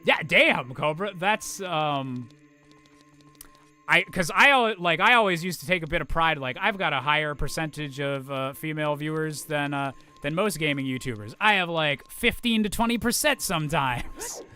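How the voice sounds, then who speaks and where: Guy streaming games and rambling to chat, super bright forceful voice, faint game music under it. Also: on the high side, lively intonation, normal speed, smooth. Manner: rambling, full of "like" and restarts, upbeat. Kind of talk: casual chat while gaming.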